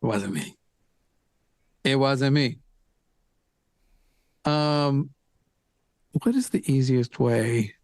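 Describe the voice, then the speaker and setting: A man's voice: medium pitch, very slow, long pauses, a little mellow, no room sound. A man joining a charity livestream as a guest, joking, teasing and thinking aloud while he fixes his stream settings. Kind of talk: casual livestream chat.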